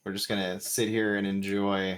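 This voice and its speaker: A man's voice: lowish voice, monotone, normal speed, smooth. A man co-hosting a casual group chat show, laughing often and hedging his words. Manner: laughs often, hesitant and self-deprecating. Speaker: podcast co-host.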